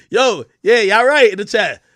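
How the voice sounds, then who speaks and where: A man rants on a livestream, boastful and teasing. His voice sits very high and swings up and down a great deal, and the sound is dry, as if close to the mic. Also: big pitch swings, slow pace, a bit bright, no room sound. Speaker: streamer. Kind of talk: casual livestream rant.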